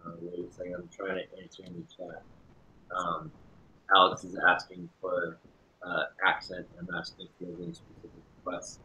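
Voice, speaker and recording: Guy hosting a live stream, ums a lot, lowish sharp bright voice, roomy echo. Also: monotone, moderate pace. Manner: hesitant, lots of ums, often trailing off quietly. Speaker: livestream host. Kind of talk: live-streamed interview, reading the chat. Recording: echoey room.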